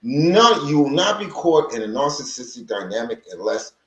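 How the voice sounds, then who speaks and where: With a mid-range voice at a moderate pace, an animated man hosts a casual livestream about recovering from narcissistic abuse, speaking into a livestream microphone in an echoey room. He's rambling and conversational, frequently restarts, and welcomes viewers from the chat.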